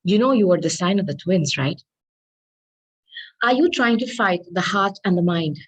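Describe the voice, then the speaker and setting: A woman's voice: lowish voice, lively intonation, normal speed, husky, lo-fi sound. Earnest woman giving a tarot reading. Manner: earnest and affectionate, addresses listeners as darlings; spiritual, invokes angels. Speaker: tarot reader.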